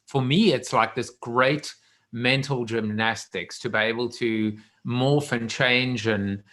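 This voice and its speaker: Host, male, bright clear voice, casual video-call chat, rambling and restarting. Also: medium pitch, fairly even intonation, takes it slowly. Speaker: show host.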